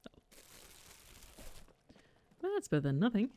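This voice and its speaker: A streamer casually commenting on a game and reading lines aloud, musing and swearing in an unhurried way. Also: female voice, low voice, animated, creaky, warm tone.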